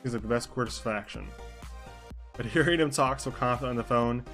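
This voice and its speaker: A man's voice: mid-range voice, brisk, fairly bright tone, soft background music. Young male streamer narrating casually. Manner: rambling asides, mixes narration with chat comments. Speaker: streamer narrating a role-play. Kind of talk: casual live-stream narration, reading a story aloud.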